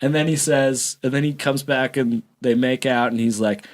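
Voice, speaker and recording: A man's voice: medium pitch, fairly even intonation, normal speed. A man hosting a casual podcast chat, ranting with exasperation and plenty of swearing. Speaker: podcast host.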